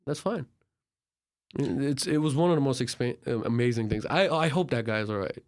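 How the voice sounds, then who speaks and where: A young podcast guest from Turkey recounts his travels at a normal speed in a mid-range voice. The storytelling is casual and animated, with lots of filler words as he acts out the dialogue.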